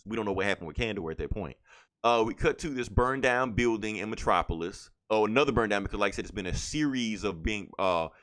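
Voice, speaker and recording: A man's voice: on the low side, expressive, quick pace, fairly bright tone. A man casually recapping a comic book on a podcast, rambling with lots of fillers and quoted lines.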